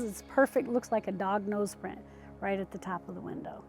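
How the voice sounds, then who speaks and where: A woman recounting an encounter in casual spoken storytelling. She often drops to a hushed near-whisper when reliving the tense moments. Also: mid-range voice, a little fast, faint music behind, rough recording. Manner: conversational, with fillers and restarts.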